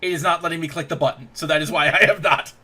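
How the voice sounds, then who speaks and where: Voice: mid-range voice, fairly even intonation, fast, pushed and bright. A podcast host in a casual chat, making crude jokes and laughing often.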